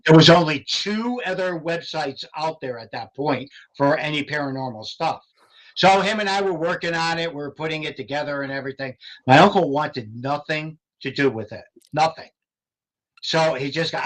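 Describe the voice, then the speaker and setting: An older man telling stories on a podcast in a lively way, laughing often and acting out what others said. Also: a little high, normal speed, low-quality recording. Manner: animated, laughs often, acts out quotes. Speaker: paranormal investigator guest. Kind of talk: casual storytelling.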